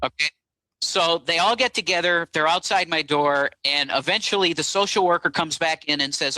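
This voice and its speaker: A man guest on a talk show, recounting events in a halting, rambling way with many fillers. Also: a little high, bright, forceful tone, no echo, poor audio. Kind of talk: casual phone-in interview.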